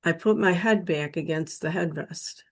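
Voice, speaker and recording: A woman's voice: on the low side, breathy edge. A woman telling her personal near-death experience story in an earnest, emotional way. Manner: slow, earnest, emotional retelling.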